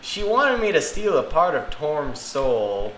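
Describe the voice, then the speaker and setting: Male player, animated and upbeat with a bright edge, roomy recording with faint hiss. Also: a little high, takes it slowly. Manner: lively, laughs often, hesitant restarts. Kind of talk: playing a character in a tabletop game. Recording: echoey room with faint noise.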